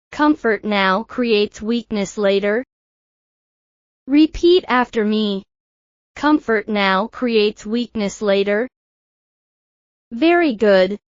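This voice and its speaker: A woman teacher giving calm, measured instructions in a guided speaking drill. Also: fairly high pitch, dry recording, highs cut off. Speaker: English teacher.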